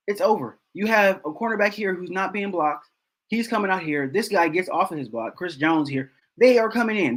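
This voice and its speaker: A man's voice: high-pitched, rough recording. A man hosting a football film breakdown, talking casually and repeating himself in exasperation.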